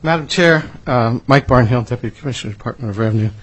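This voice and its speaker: A man, a deputy commissioner of a state revenue agency, giving measured, formal testimony to a legislative committee with some fillers and repeated words. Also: mid-range voice, fairly bright tone.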